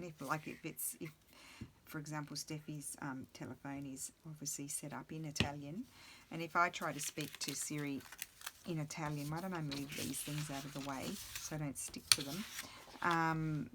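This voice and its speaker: A woman's voice: sits low, fairly bright tone, slight background noise. A middle-aged woman chatting casually and rambling to herself while she crafts at her table. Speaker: crafting video host.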